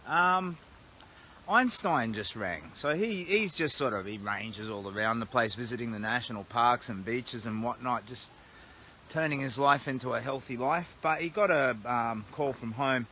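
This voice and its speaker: A man's voice: mid-range voice, normal speed, bright, forceful tone, slight background noise. A man with an Australian accent chatting casually and rambling on a livestream, filmed outdoors at night on a phone held at arm's length. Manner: rambling, chatty, self-deprecating. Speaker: charity walker livestreaming. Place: outdoors at a roadside motel at night.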